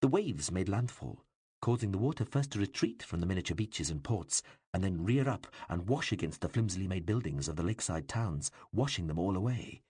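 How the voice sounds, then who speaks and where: A man reading an audiobook with expressive, varied narration. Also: low voice, brisk, slightly rough, no room sound, clean studio sound. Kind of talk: scripted narration.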